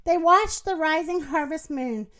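A woman reading a children's picture book aloud in an expressive, unhurried way. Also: high-pitched. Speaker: storybook reader.

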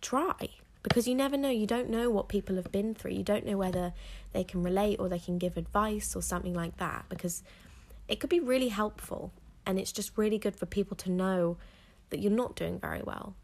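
A woman's voice: mid-range voice, brisk, vocal fry, darkish tone. A teenage girl hosting a solo podcast, talking frankly and rambling, with lots of "like" fillers. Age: teens. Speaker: podcast host. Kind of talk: candid solo podcast monologue.

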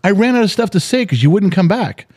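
A middle-aged man co-hosting a podcast at home, animated and swearing freely as he tells family stories. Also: high-pitched, quick pace, breathy edge. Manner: animated, swears freely, acts out quotes loudly. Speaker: podcast co-host. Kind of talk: casual chat.

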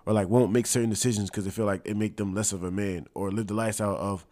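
A young man co-hosting a casual podcast chat with friends, loud and argumentative, laughing often. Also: on the low side, fairly even intonation, quick pace. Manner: boisterous, laughs often, argues back. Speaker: podcast co-host.

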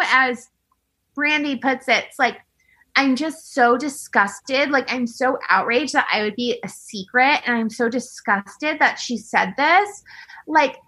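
A woman with a bright, slightly high voice in casual chat. She rants quickly and with feeling, piling on fillers and the odd curse word. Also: poor audio. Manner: fast, animated ranting with lots of fillers and swearing.

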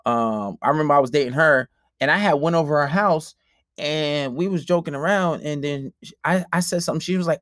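A man spins a profane story on a casual podcast. He acts out every quote, and his pitch leaps all over. The sound is dry and close, with no room echo. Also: animated, fairly quick, a bit bright. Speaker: podcast host.

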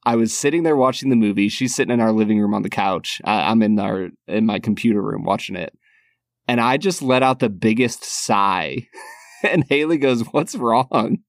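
A man co-hosting a podcast, talking in a teasing, deliberate way with bursts of laughter. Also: fairly low pitch, gravelly, no room sound, clean studio sound. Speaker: podcast co-host. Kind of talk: casual chat.

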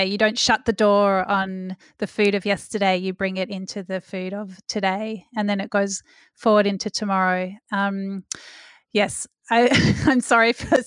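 A woman's voice: mid-range voice, a bit bright, smooth, no room sound, studio quality. A woman hosting a podcast interview, effusive and a little poetic. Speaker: podcast host.

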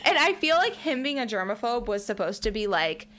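A woman co-hosting a casual recap podcast, animated and quick to act out lines in silly voices. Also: fairly high pitch. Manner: animated, acts out lines in voices, swears freely. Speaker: podcast co-host.

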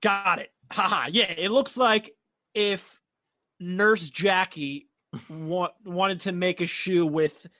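A playful man trades jokes in a casual chat. His voice sits a little high and sounds dry and close to the mic. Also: slow, bright, forceful tone, dry recording. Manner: playful, joking.

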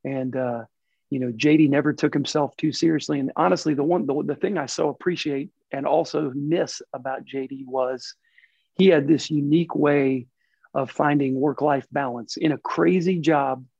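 Gravelly-voiced man, earnest interview guest. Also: on the high side, fairly even intonation, normal speed, darkish tone, no echo. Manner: earnest, reflective, repeats himself. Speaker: racing team president, guest. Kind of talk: casual interview talk. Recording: dull lo-fi recording.

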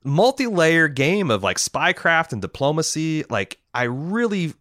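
A man's voice: fairly high pitch, sing-song, measured pace, a bit bright, dry recording, studio quality. A man co-hosting a casual film discussion, rambling and enthusiastic, with many restarts. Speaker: podcast co-host.

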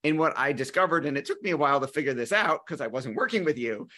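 Bright-voiced enthusiastic man. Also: a little high, expressive, fast talker. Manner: enthusiastic, agreeable, tells personal anecdotes. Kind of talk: podcast conversation.

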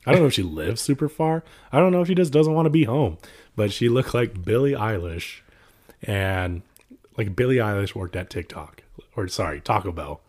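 A young man from California telling stories in casual chat, animated, laughing often and mimicking the people he quotes. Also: lowish voice, moderate pace. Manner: animated storytelling, laughs often, voices others.

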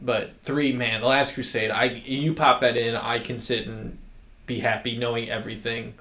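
A man's voice: medium pitch, little pitch movement, normal speed, sharp tone. A man co-hosting a podcast, telling stories and sharing movie opinions with enthusiasm. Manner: enthusiastic storytelling. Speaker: podcast co-host. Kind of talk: casual chat. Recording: echoey room.

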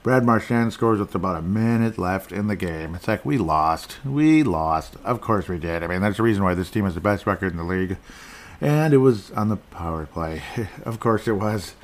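A man's voice: deep voice, a little fast. Rambling man hosting a sports podcast. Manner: rambling, self-interrupting, chuckles often. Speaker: podcast host. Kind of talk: solo sports podcast commentary.

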